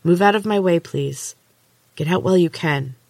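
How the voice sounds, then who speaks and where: A woman reading a story aloud, voicing a defiant young woman fighter who sounds tense and climbs higher in pitch when upset. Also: normal speed, creaky, darkish tone, no room sound.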